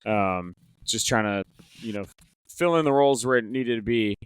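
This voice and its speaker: Using a headset mic, this guest, a tournament organizer, shares tournament anecdotes in casual podcast conversation, often stumbling over fillers and restarting. His voice is on the low side, clean-toned, and moderately paced, with no echo.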